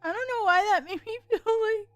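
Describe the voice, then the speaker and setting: A young woman streaming a game reaction, emotional and expressive, swinging from quiet reading to loud exclamations and swearing. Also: very high voice, moderate pace, no echo, soft background music.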